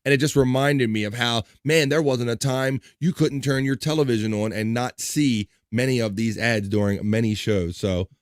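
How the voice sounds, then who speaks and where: A man hosts a relaxed livestream, trading jokes and laughing easily as he reads out chat messages. His voice sits in an ordinary middle register and sounds close and dry, with almost no room around it. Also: mid-range voice, moderate pace, few pauses, dry recording. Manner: jokey, laughs often, reads chat comments aloud. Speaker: livestream host. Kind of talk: casual chat.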